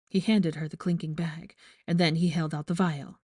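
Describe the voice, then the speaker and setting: A woman reading fan fiction aloud with steady, measured storytelling. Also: low voice, no echo, clean studio sound. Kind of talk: audiobook narration.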